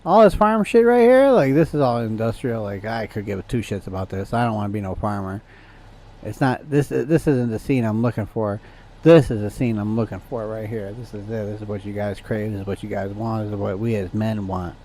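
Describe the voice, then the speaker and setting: A man with a lowish voice talks to his chat while he plays, loose and casual. He rants freely and swears often, and a faint hum sits behind him. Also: fairly even intonation, brisk, mellow. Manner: profane, ranting to chat. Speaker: streamer.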